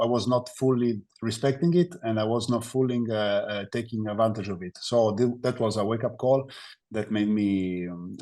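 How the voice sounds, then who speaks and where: A man from Italy with an Italian accent, a basketball player giving reflective interview answers in English, pausing often to search for words. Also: on the low side, a little mellow. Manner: halting, searching for words with many fillers.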